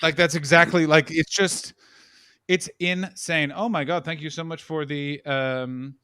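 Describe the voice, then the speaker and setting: Brief: North American male host, quick jokey asides, bright voice. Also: on the high side, smooth, no room sound, clean studio sound. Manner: quick, joking, animated asides. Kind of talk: casual chat on a livestream.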